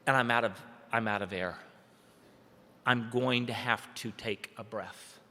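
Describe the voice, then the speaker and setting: A man giving a dramatic personal storytelling speech at a training event. He tells it vividly, swinging between urgent, loud passages and hushed, slow ones. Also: medium pitch, fairly even intonation. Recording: echoey hall with long reverb.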